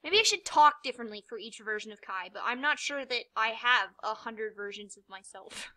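A woman's voice: a little high, animated, normal speed, bright, forceful tone. A young woman giving rambling, self-mocking let's-play commentary, swearing freely, with sudden yelps and muttered asides. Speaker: gamer.

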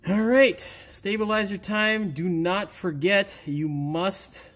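Speaking slowly in a high-pitched, somewhat bright voice, a sleep-deprived middle-aged man films casual auto repair outtakes in a driveway, addressing the camera. He curses repeatedly, talks to himself, and restarts his lines again and again.

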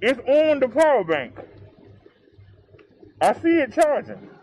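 A man's voice: extremely high pitch, very animated, slow, darkish tone, a little hiss or hum, poor audio. A man vlogging from a drive, talking casually to his viewers in a puzzled, chatty way. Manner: puzzled, talks to viewers, says y'all. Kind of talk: casual chat. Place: inside a car on a drive. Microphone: 360 camera. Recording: music playing in the background.

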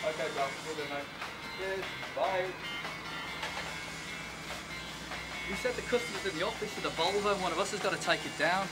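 A young man playing a cheeky flatmate full of matey banter, in naturalistic indie film dialogue. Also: high-pitched, fast, music in the background, natural voice, rough recording. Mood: easygoing. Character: cheeky young English lad in a London flatshare. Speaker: new car yard worker and flatmate.

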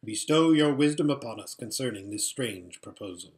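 A man voicing a shrewd old male emperor who speaks in a dry, measured, sardonic way. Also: medium pitch, expressive, lightly acted.

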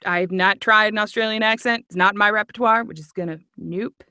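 A woman's voice: mid-range voice, fairly quick, pushed and bright, dry recording, studio quality. Chatty, giggly woman narrator. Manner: chatty and giggly, nerdy about accents. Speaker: audiobook narrator. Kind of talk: casual chat on a livestream.

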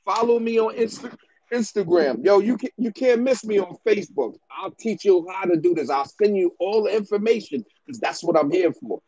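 A man's voice: high voice, expressive, moderate pace, muffled recording, crowd noise. A man who breeds dogs, giving business advice in a casual rant to the camera, slangy and repetitive, often ending lines with "bro" and "man".

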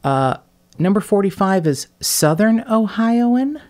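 A woman with a flat Midwestern accent hosting a podcast, chatting casually, blunt and sarcastic with frequent swearing. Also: mid-range voice, slow pace. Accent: Midwest General American. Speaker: podcast host.

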